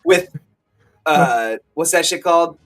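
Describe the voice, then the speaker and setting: A man's voice: on the high side, takes it slowly, a bit bright. A man co-hosting a casual podcast, teasing and joking crudely. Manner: crude teasing banter, mocking put-on voices. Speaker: co-host, author.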